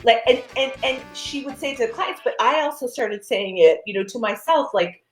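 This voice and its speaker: A woman's voice: moderate pace, reverberant, soft background music, low-quality recording. A woman chatting as a guest on a casual video-call interview, acting out little quoted moments as she tells her stories. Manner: animated storyteller, acts out quotes with big pitch jumps. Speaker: guest, actor and screenwriter.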